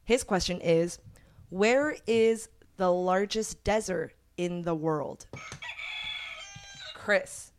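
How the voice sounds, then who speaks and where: A woman's voice: fairly low pitch, extremely slow, pauses often, background noise. A woman hosting a casual podcast chat, reading out trivia and odd headlines with a playful, giggly manner. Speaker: podcast host.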